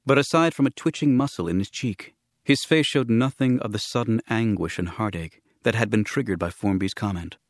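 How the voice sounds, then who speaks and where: A man reads a novel aloud with steady, even storytelling. His voice sits low and the recording is close and dry, with no room sound around it. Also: no echo. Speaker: audiobook narrator. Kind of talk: scripted narration.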